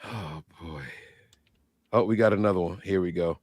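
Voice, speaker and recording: A man's voice: low-pitched, steady tone, quick pace, darkish tone, dry recording, studio quality. A man in his thirties, co-hosting a podcast in loose, joking, slangy chat. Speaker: podcast co-host. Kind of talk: casual livestream chat.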